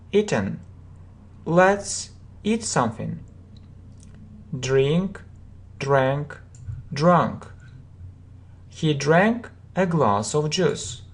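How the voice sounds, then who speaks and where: Slow patient woman teaching English verbs. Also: sits low, animated. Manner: patient, repetitive, frequent "you know" and "uh" fillers. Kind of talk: vocabulary lesson reading out verb forms with example sentences.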